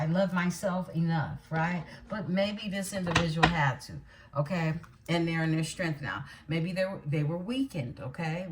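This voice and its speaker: A woman doing a tarot card reading, blunt and emphatic, often checking in with her listeners as she goes. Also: deep voice. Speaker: tarot reader.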